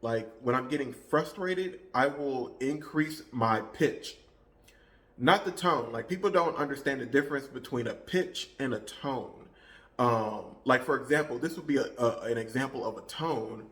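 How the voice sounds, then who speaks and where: A man's voice: mid-range voice, normal speed, fairly bright tone. A man giving a casual vlog monologue about his fitness routine, rambling and often restarting his sentences. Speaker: fitness vlogger.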